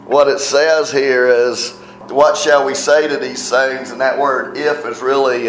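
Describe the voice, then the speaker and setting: A man preaching a sermon in a conversational teaching manner, often checking in with his listeners. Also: mid-range voice. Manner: conversational teaching, tag questions. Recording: roomy echo with faint music.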